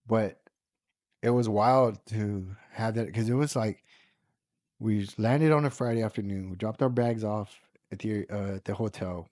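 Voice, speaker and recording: A man's voice: on the low side, dark tone, dry recording, studio quality. A man from the United States telling a personal story in a casual, rambling way, full of fillers and the odd swear word. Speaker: podcast guest.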